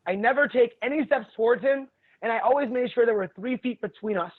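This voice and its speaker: A man with a fairly high voice tells stories casually, blunt and often profane, laughing as he goes. The audio is narrow and tinny, like it came through a phone line. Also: fast. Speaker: jiu-jitsu instructor, podcast guest. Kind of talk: casual storytelling chat.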